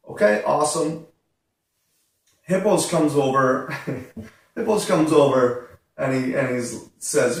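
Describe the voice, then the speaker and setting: A man, hosting a podcast and telling a story in a casual, animated, exasperated way with lots of "uh" fillers. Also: medium pitch, slow. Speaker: podcast host. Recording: echoey room, distant mic.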